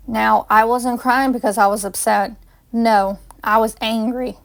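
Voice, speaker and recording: A woman's voice: on the high side, steady tone, measured pace. A woman reading her own first-person fan story aloud, with small slips and restarts. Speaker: fanfiction reader.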